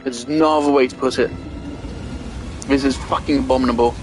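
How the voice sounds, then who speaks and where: A man's voice: mid-range voice, fairly even intonation, a little fast, music in the background. A young man giving angry gameplay commentary, ranting and swearing heavily. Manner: furious ranting, heavy swearing. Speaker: gaming video creator.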